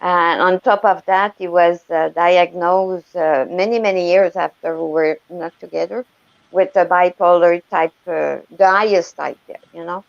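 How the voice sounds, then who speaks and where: Slow, gravelly woman. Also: lowish voice, fairly even intonation, no room sound, dull audio. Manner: hesitant, searching for words. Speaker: caller. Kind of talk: casual chat.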